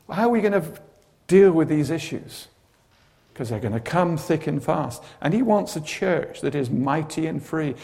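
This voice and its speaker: A man's voice: on the high side, gravelly. A man preaching a sermon, telling stories with dramatic flair and humorous asides. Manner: animated storytelling with humorous asides.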